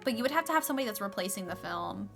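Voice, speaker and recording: A woman's voice: mid-range voice, lively intonation, rapid-fire, gravelly, over music. A young adult woman streaming a game, chatting casually and filling her speech with "like". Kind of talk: casual chat while playing a game.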